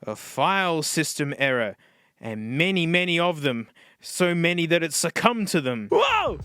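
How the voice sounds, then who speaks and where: A man, reviewing old music players on camera in a casual, excitable way, laughing and talking to the device. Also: a little high, normal speed, smooth, no room sound, clean studio sound. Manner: excitable, animated, laughs often, talks to the device. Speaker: tech YouTuber.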